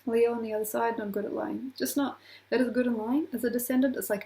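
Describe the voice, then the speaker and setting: A woman's voice: a little high, fairly even intonation, fast talker, warm tone, rough recording. A woman astrologer talking casually to camera, rambling from point to point with laughing asides.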